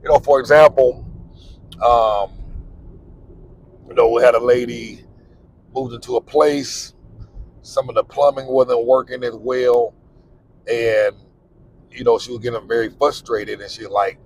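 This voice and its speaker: A man's voice: mid-range voice, steady tone, a little slow, long pauses, low-quality recording. Middle-aged man, plain-spoken car vlog, faint noise behind him. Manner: candid, repetitive, plain-spoken. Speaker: vlogger on living abroad. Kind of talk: casual advice monologue while driving.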